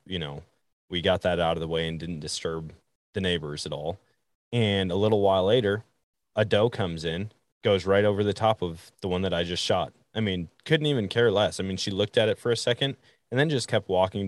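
A young man with a very low voice tells a hunting story in relaxed conversation. He speaks in an animated way and slips into other people's voices as he goes. The sound is dry and close to the mic. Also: no echo. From Wisconsin. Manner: animated, acts out quoted voices. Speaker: podcast host.

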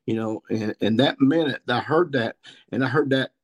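Guesting on a podcast as a turkey hunter, this sixty-something man spins long, meandering yarns in a homespun country style, returning to his thread after each detour. His thick Missouri Ozarks accent carries a middle-pitched voice at a moderate pace.

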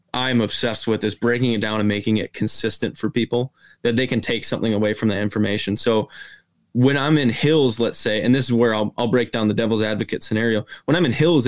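A man's voice: on the low side, fairly quick. A man, a guest hunter in a casual podcast interview, explaining his approach step by step.

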